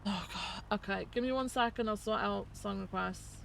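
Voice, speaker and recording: A woman chats bluntly through an in-game police roleplay, swearing in passing. Her voice carries a gravelly, creaky edge. Loud game and car noise run behind her. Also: medium pitch, normal speed. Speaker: streamer playing a police undersheriff. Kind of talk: casual in-game roleplay chat.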